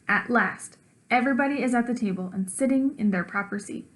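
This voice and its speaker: A woman teacher reads a children's book aloud with expressive storytelling. Her voice sits a little high, and she pauses to ask her young listeners questions.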